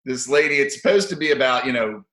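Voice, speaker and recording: A man's voice: mid-range voice, expressive, fast, fairly bright tone, reverberant, poor audio. A man giving rambling, profane opinion commentary for his video channel, sardonic and given to chuckling asides.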